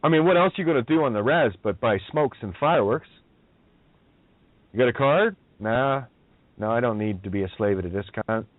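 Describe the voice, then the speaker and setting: A man's voice: mid-range voice, animated, moderate pace, dry recording. Profane ranting man. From Northern Ireland. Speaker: radio host. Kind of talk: ranting talk radio. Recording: tinny phone-line audio, dry.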